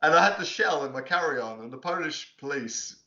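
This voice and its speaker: Lively bright-voiced man in an echoey room. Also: a little high, brisk. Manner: animated, laughs a lot, swears. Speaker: podcast co-host. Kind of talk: casual chat. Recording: roomy echo, dull lo-fi sound.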